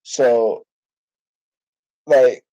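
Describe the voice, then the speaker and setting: A man's voice: mid-range voice, extremely slow, dark tone, highs cut off. A young man, a college football player, casually telling a story to camera with lots of slang and swearing. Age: young adult.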